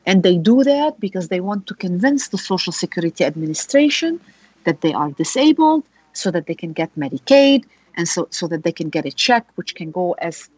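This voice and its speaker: A woman lawyer speaking as a guest on a radio law show, telling a client's story with animated rhetorical questions. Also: on the low side, slightly rough, no room sound, muffled recording.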